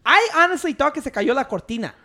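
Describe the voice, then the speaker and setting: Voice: high-pitched, sing-song, fast, pushed and bright. A speaker telling a rambling story in casual chat, swearing and acting out what others said.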